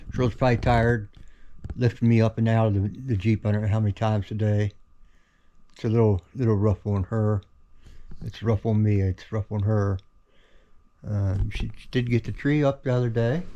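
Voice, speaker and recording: Tired middle-aged man, halting home-video talk, warm-dark tone, muffled lo-fi sound. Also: lowish voice, a little hiss or hum. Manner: tired, halting, yawning often. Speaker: vlogger sharing his cancer journey. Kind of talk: casual home video update. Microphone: camera held in his own hand.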